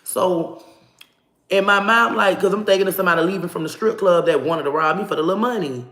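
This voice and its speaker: A woman telling a personal story to camera in a casual, animated way, swearing freely and acting out what people said. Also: lowish voice, a little fast, roomy sound. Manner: animated, profane, acts out dialogue.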